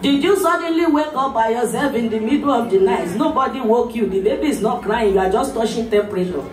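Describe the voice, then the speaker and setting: A woman voicing a wise, teasing old village man in a low, drawn-out voice. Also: expressive, darkish tone, lightly acted. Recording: echoey hall from far off, crowd.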